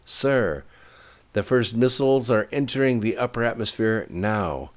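Narrator playing a tense military technician, clipped technical reports. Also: male voice, fairly low pitch, measured pace, pitched above the performer's own voice, lightly acted. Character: tense male military technician at his screen.

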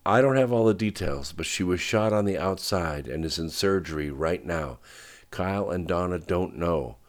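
Guy doing a commanding agent, very low voice, urgent. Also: expressive, normal speed. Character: commanding male agent, Smith.

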